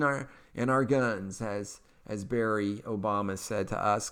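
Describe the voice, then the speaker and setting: A man with an Eastern Kentucky accent hosts his own political talk podcast. He rambles in a chatty, upbeat way, full of fillers and restarts. His voice sits mid-pitch and sounds smooth and resonant. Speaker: podcast host. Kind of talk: casual political commentary.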